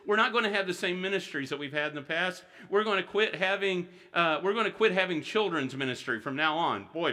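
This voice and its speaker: A high, bright-toned man preaches to his congregation. He leans into rhetorical questions and slows down to read scripture with earnest emphasis. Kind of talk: sermon. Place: church sanctuary.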